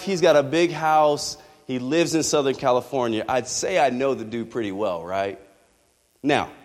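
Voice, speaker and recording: Preaching man in an echoey hall. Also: fairly high pitch. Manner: animated preaching with rhetorical questions. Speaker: pastor. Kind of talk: sermon. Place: church hall.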